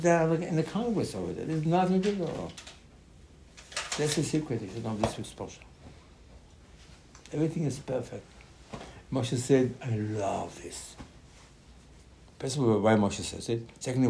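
A man giving a Torah class in animated, non-native English, often repeating his words and jumping up in pitch. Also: normal speed, long pauses, slight background noise. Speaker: Torah teacher.

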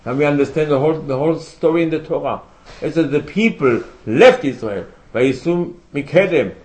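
A man's voice: fairly high pitch, brisk, a little mellow, low-quality recording. Emphatic man giving a Torah class. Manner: emphatic, rhetorical questions, quotes Hebrew sources. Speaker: rabbi teaching a Torah class. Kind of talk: religious lecture.

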